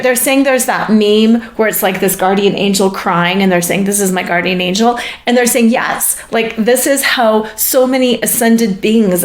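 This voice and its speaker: Woman relaying channeled messages, echoey room. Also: a little high. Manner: halting and searching, with frequent laughs. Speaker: host channeling spirit messages.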